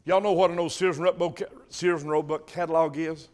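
High-pitched older preacher, impassioned. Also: male voice, fairly even intonation, fairly quick. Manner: impassioned preaching, swells loud on emphasis. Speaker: pastor. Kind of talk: sermon.

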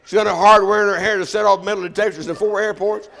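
A man's voice: high voice, fairly even intonation, fast talker, creaky, a bit bright. An older man preaching a sermon as pastor, folksy and joking.

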